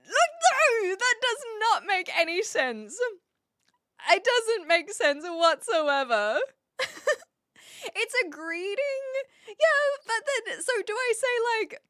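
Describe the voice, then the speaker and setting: A woman from New Zealand with a New Zealand accent, live-streaming and chatting casually with her viewers, thinking aloud with lots of fillers and getting animated as she talks. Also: sits high, slow pace, no room sound, studio quality. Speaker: livestreamer.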